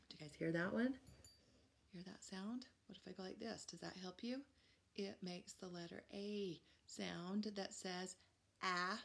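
A woman's voice: mid-range voice, gravelly. A woman teaching preschoolers a phonics lesson, upbeat and encouraging, stretching out letter sounds. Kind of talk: phonics lesson for young children.

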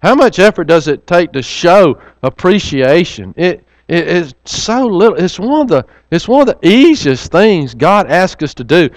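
A man's voice: high-pitched, big pitch swings, moderate pace, few pauses, no echo. A man preaching a sermon, telling a personal story earnestly and often repeating words as he restarts.

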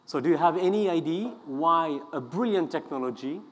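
A man with a French accent giving a conference talk, halting often with fillers and restarts. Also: a little high, animated. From France. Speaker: speaker. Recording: long hall reverb.

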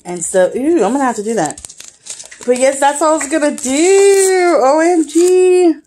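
A young woman vlogging casually while unboxing a gift, excitable and gushing, often breaking into giggles. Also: high voice, moderate pace. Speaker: YouTube vlogger. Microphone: camera, face not shown.

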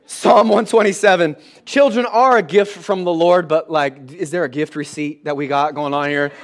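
A pastor in his thirties preaches a sermon in church in a fairly high voice at a moderate pace. He's animated and comic, acting out scenes with his kids.

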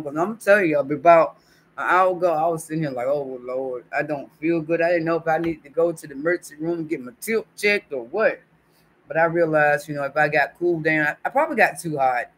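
A man's voice: a little high, fairly quick, a bit bright. A man hosting a casual livestream, chatting affectionately with viewers and reading their comments aloud. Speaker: YouTube livestream host.

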